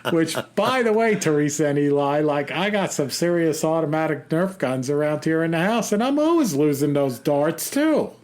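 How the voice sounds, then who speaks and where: A man co-hosting a podcast in casual chat, excitable and quick to laugh. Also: on the high side. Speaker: podcast co-host.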